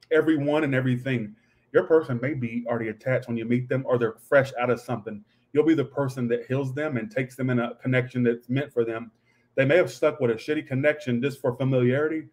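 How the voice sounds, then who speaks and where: A man's voice: medium pitch, brisk, darkish tone. A man doing a casual livestream tarot reading, talking in a snappy, profane, ranting way. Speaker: tarot reader.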